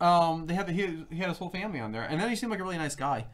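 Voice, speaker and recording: Animated young man rambling casually. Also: racing. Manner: rambling, animated, jumps between pitches. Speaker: co-host. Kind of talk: casual live-stream chat.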